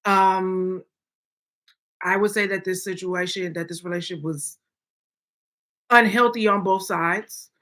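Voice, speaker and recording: A woman co-hosts a talk podcast in a bright, forward voice. She argues her opinions emphatically and keeps tagging sentences with "okay?" to pull the listener along. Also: medium pitch, steady tone, unhurried, pauses often. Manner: emphatic, frequent "okay?" check-ins. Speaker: podcast co-host. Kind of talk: opinionated casual chat.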